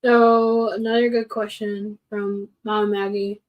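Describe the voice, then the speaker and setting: A woman's voice: medium pitch, little pitch movement, slow pace, dull audio. A woman co-presenting a seminar, chatting casually as she reads out audience questions and adds her own experience. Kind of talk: casual panel talk.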